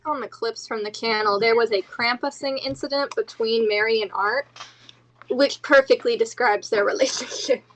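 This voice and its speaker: A woman taking part in a tabletop game, with a somewhat high pitch. She speaks in a matter-of-fact way, quick to correct what others remember. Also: steady tone, a little hiss or hum. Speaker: player. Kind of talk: casual tabletop play.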